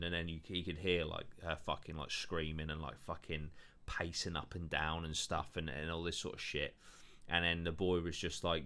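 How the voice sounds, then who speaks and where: A man's voice: low voice, flat delivery, moderate pace, bright, forceful tone. A man hosting a podcast in casual, rambling chat, full of swearing and fillers. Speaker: podcast host.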